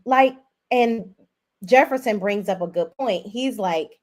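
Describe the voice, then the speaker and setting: A woman in her forties hosting a casual livestream, recapping a drama episode and speaking directly to viewers in a chatty, animated way. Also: fairly high pitch, measured pace. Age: 40s. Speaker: host. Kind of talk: casual livestream show review.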